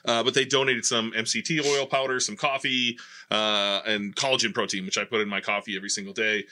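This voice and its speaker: Fast-talking male host, sharp, bright voice, energetic and casual. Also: fairly low pitch. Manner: quick, energetic, sponsor plugs. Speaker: podcast host. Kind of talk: casual podcast conversation.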